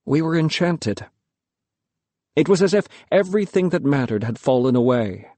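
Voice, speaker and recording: A man reading a first-person novel aloud in a lyrical, measured storytelling manner. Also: on the high side, lively intonation, a little mellow, no room sound. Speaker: audiobook narrator. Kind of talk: first-person audiobook narration.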